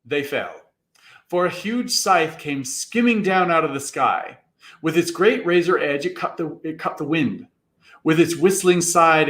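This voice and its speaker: A man giving a theatrical reading of a classic story, jumping into character voices as he narrates. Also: a bit bright. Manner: theatrical, voices characters with big pitch jumps. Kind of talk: dramatic reading of a classic novel. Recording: echoey room.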